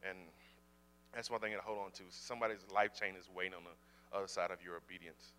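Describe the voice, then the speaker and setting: A man in full-time ministry telling a personal faith story in a casual, animated way, often repeating words. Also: deep voice, quick pace, slight background noise.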